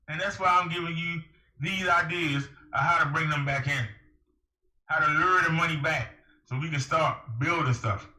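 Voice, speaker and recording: Guy preaching at the camera, high-ish super bright voice, lots of rhetorical questions, echoey room. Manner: emphatic, rhetorical questions, lecturing. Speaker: vlogger giving advice. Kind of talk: preachy direct-to-camera monologue.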